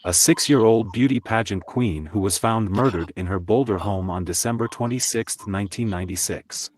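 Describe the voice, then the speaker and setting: A man reading a true crime story aloud in a steady, measured way over a video call. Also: fairly low pitch, no room sound. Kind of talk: read-out true crime narration.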